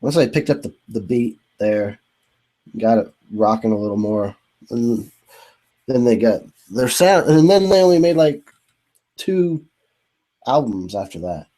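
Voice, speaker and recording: A man's voice: medium pitch, lively intonation, measured pace, pauses often, mellow, low-quality recording. Congested man hosting a casual chat. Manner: laid-back, swears and laughs often. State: congested from a cold. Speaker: host of an online video hangout.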